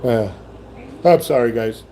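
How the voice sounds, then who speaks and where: A man's voice: mid-range voice, slow pace, warm tone, a little hiss or hum. A man hosting a rambling livestream chat, repeating himself, restarting sentences and reading viewer comments aloud. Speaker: livestream host.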